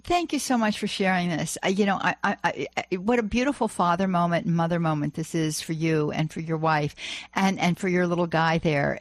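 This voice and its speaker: A woman's voice: lowish voice, no room sound. Effusive woman hosting a call-in show. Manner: effusive, gushing praise, many fillers. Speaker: radio call-in show host. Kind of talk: Catholic radio call-in hosting. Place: radio studio.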